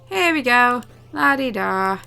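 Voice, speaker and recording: A woman's voice: fairly high pitch, expressive, slow, gravelly, bright, forceful tone, smooth, soft background music. A woman hosting a let's play, making casual, giggly asides between reading the game's lines. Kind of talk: game commentary.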